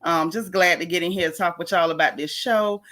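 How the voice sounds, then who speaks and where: A woman from Florida, hosting a casual livestream and talking fast and sassily to her viewers. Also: fairly low pitch, steady tone, fairly bright tone. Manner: fast, sassy, talks straight to viewers. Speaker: livestream host.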